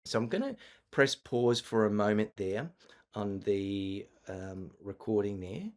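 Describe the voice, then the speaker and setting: Slightly low-voiced man teaching online. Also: unhurried, a little mellow. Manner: conversational, hesitant with frequent fillers and restarts. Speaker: marketing workshop presenter. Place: online video call session.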